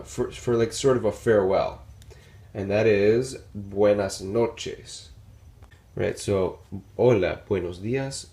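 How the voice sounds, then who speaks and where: A man with a fairly low voice teaches a relaxed classroom lesson. He repeats phrases patiently and keeps checking understanding with quick "right?" and "okay?" asides. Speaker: Spanish teacher.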